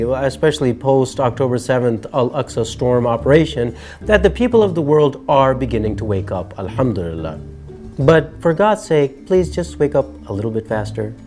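A man's voice: mid-range voice, a little mellow. A man hosting a year-end commentary show, wry and sermonizing with jokey asides. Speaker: show host.

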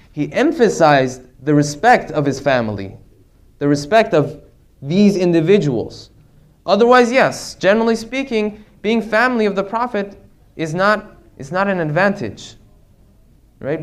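A man's voice: high voice, fairly bright tone. A man giving an earnest religious lecture to a congregation, often checking in with rhetorical questions.

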